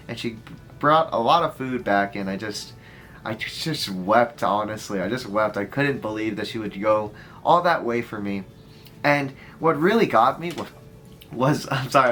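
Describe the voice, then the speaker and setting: A man's voice: on the low side, fairly bright tone, slight background noise. A man in his early twenties telling a heartfelt story in a rambling way, full of fillers. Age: 20s. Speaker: storyteller vlogger. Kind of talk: casual story time.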